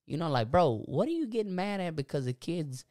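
A young man talking casually about faith and self-forgiveness on a podcast, animated and preachy, laughing often. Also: on the high side, fairly quick, no echo, clean studio sound. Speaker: podcast co-host.

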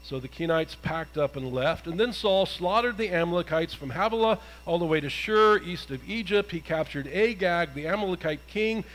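A man's voice: high-pitched, lively intonation, normal speed, hardly any pauses, a bit bright, low-quality recording. A male pastor giving a conversational sermon, retelling a Bible story and asking his congregation questions.

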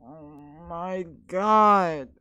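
Slow-talking frustrated gamer who swears. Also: mid-range voice, bright, forceful tone, clean tone. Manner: ranting at the game. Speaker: gaming video creator. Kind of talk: gameplay commentary.

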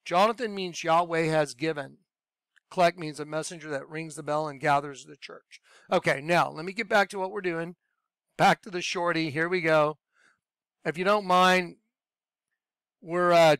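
A man preaching in an off-the-cuff monologue that rambles from point to point, with plenty of fillers and excitable bursts. His voice sits higher than most men's and comes through smooth and clear. The sound is close and dry. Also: dry recording. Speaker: online preacher.

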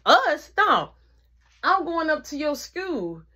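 A woman acting out a middle-aged mother who wakes up angry and scolds in short, bossy orders. Her voice sits higher than the teller's own and snaps out commands. She is quick to lecture. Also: sing-song, pushed and bright, full character voice. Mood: sharp.

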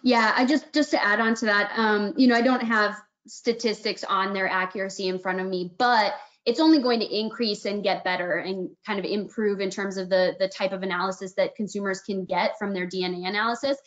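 A woman's voice: medium pitch, fairly even intonation, brisk, hardly any pauses, fairly bright tone, lo-fi sound. A woman speaking as a panel expert in an online webinar Q&A, explaining points fluently.

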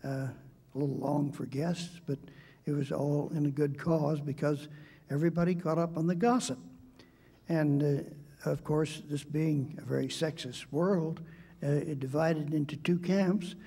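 An older man in a debate, telling a story from his childhood in a halting, reflective way with many hesitations. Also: a little high, fairly even intonation, vocal fry, mellow, husky. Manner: halting, with frequent hesitations and restarts.

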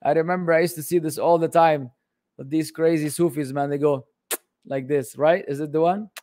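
A man's voice: fairly high pitch, steady tone, moderate pace, a little mellow, no echo, studio quality. A man teaching Islamic studies in a casual livestream Q&A, joking and exasperated as he answers questions.

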